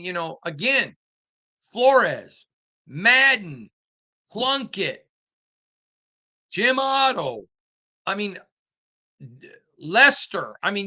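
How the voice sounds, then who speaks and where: A man's voice: sits high, pushed and bright. A middle-aged man hosting a sports show, telling rambling stories and building to an impassioned opinion rant. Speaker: sports beat writer and show host. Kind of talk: opinion monologue to camera.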